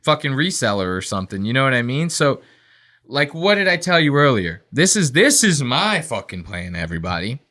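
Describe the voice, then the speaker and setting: Bright, animated man ranting on a podcast. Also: mid-range voice, fairly quick. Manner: profane, ranting, acts out quotes in voices. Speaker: podcast host. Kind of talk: casual podcast rant.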